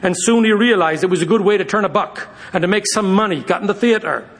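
A male pastor preaches to his congregation. His voice sits high for a man, and his delivery is lively, racing through asides and then slowing to a crawl to hammer home a point. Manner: lively preaching, shifting between quick asides and slow emphasis. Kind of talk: sermon.

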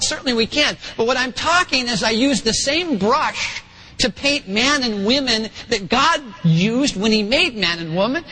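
A middle-aged man preaching a sermon, animated and acting out the voices he quotes. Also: very high-pitched, low-quality recording. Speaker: pastor.

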